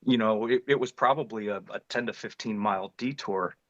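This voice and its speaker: A middle-aged man from northeast Ohio tells his story in a low voice, earnest and detailed, often circling back to restart a phrase. The sound is dry, with no room around it, and a little dull and lo-fi. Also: brisk, no echo. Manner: earnest, vivid retelling with frequent restarts. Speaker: interview guest recounting an encounter. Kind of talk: personal storytelling in an interview.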